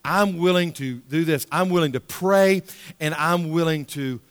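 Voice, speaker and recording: Emphatic pastor preaching, repeating key lines. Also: male voice, fairly high pitch, a little slow, clear, resonant tone, no echo, studio quality, in a large hall. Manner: emphatic preaching, repeats key phrases, drops to hushed prayer. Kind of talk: sermon.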